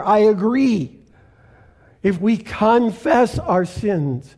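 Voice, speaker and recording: An older man from Canada, a pastor preaching a sermon in a slow, deliberate way with emphatic pauses. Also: high-pitched, mellow.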